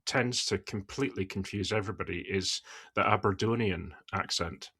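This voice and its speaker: Soft-spoken Scottish man, hesitant. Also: sits low, normal speed, slightly rough. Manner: mild-mannered, hesitant, many fillers and restarts. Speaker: podcast co-host, principal analyst. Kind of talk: casual chat.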